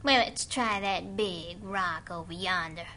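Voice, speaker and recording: A woman's voice: on the low side, measured pace, sharp tone, slight background noise, voice pushed down. A woman voicing a cold, scheming witch stepmother who gives bossy orders. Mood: coaxing. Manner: bossy orders, sly questions.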